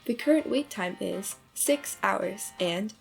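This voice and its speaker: A woman voicing a gravelly, curt automated phone voice. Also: mid-range voice, slow pace, soft background music. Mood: dry, dismissive. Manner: flat, clipped, dismissive. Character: curt automated phone-line voice, female, unhelpful. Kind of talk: comedic short film.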